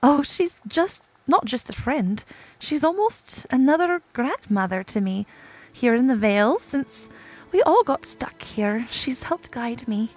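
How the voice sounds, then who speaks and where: A woman's voice: high voice, very animated, measured pace, faint music behind, full character voice. A woman reading out the lines of a spirited young Scottish princess in a game, earnest and fretting over a friend.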